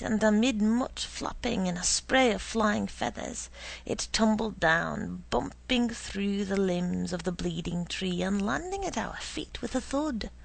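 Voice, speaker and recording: Slow, husky woman reading a story. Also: mid-range voice, low-quality recording. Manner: slow, hushed, often whispered. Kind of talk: storybook narration.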